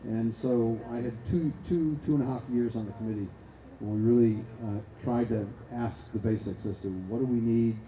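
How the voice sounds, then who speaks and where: Older Boston man, dark roomy voice. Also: medium pitch, fairly even intonation, normal speed, slight background noise. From Boston area. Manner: rambling, with many fillers and restarts. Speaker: conference speaker. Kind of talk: conference talk. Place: lecture hall. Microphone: stand microphone. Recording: roomy hall, faint ambience.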